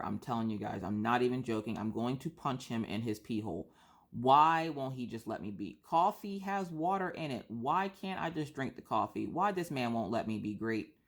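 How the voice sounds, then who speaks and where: A woman with a stuffy nose chatting casually while she colors for her craft channel, complaining in an animated, exaggerated way full of rhetorical questions. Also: very deep voice. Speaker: craft vlogger.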